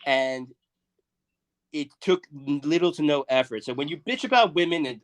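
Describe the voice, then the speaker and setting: Profane ranting man, a bit high. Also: sing-song, moderate pace. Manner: profane, ranting, swings loud and soft. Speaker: podcast co-host. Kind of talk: crude comedic rant.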